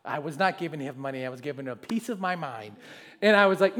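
A man preaching a sermon as pastor, telling stories and reading scripture, swinging from loud to soft. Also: fairly high pitch, expressive, fast talker. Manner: reads scripture aloud, with fillers and restarts.

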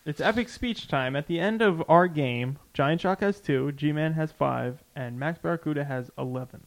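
A man's voice: on the high side, vocal fry. A man hosting a game-trivia quiz on a casual podcast, running the bets and reading out a quote. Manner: hosts a betting quiz, reads a quote aloud slowly. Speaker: quiz host.

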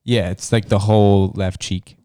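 A man's voice: on the low side, fairly even intonation, normal speed, dark tone, clear, resonant tone. A man bantering and teasing friends in casual, sweary chat.

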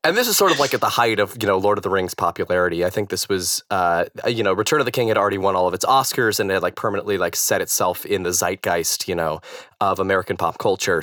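A man in his thirties, a stage actor and guest, telling a story casually with lots of fillers and restarts in a naturally low voice. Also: a bit bright, no echo, studio quality. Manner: rambling, hesitant, many fillers and restarts.

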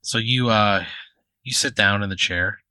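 A man's voice: on the low side, a little slow, bright, forceful tone, clean tone, no echo. A man narrating an improvised tabletop game as game master, casual and filler-heavy. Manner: casual, full of "like" and "you know".

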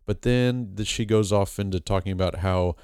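Male podcast host with a very low voice, dry close sound, casual and rambling, jokes as he goes. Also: normal speed, a little mellow, smooth, dry recording. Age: adult with a master's degree. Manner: rambling, joking, many fillers and restarts.

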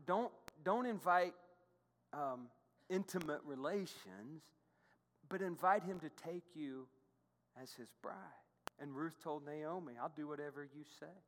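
Animated male preacher in an echoey hall. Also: a little high. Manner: animated, conversational preaching with asides to the congregation. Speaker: pastor. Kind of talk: sermon. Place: church sanctuary.

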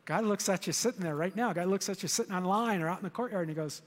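High-voiced older pastor in a reverberant hall. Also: male voice, fast talker, few pauses. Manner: animated, storytelling with congregation call-and-response. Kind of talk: sermon. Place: church auditorium.

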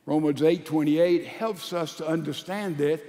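A male pastor with a high voice who preaches slowly and deliberately. He swings between loud emphatic lines and soft, low asides. His sermon rings with the long reverb of a large church hall.

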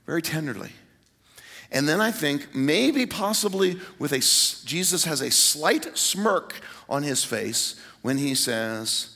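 A pastor preaching an Easter sermon to a large congregation, retelling the story with animated voices. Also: male voice, a little slow. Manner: animated storytelling, voices quotes with rising pitch. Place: large church hall. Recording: reverberant church hall.

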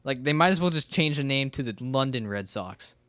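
A man's voice: mid-range voice, expressive, fairly quick, a bit bright, dry recording. A young man hosting a casual sports podcast, reading listener questions with dry teasing. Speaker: podcast host.

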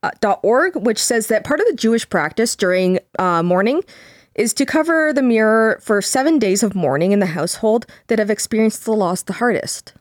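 A young woman co-hosting a casual podcast, calmly reading from articles and quotes with small fillers. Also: on the high side, no room sound, studio quality. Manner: measured, reads quotes aloud with fillers. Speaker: podcast co-host.

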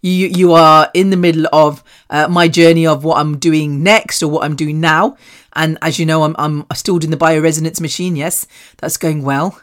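A British woman with a low voice, steady tone and normal speed hosts a solo podcast, talking candidly to her listeners. Her monologue rambles and pokes fun at herself, with casual swearing mixed in.

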